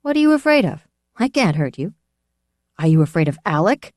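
A woman's voice: lowish voice, very animated, brisk, darkish tone, dry recording, studio quality, pitched above the performer's own voice. A woman reading the part of an earnest young man, speaking up insistently.

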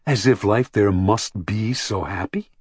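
A man's voice: on the low side, measured pace, darkish tone, breathy edge, no room sound, clean studio sound. A man reading an audiobook, voicing a passionate, defiant young woman with a raised voice. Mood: wistful.

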